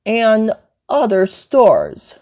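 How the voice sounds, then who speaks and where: Brief: unhurried amateur monologue, sing-song pitch, repetitive listing of items. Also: wildly swooping pitch, dark tone, dull audio. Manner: repetitive, listing things over and over. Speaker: home video maker. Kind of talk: rambling self-talk monologue.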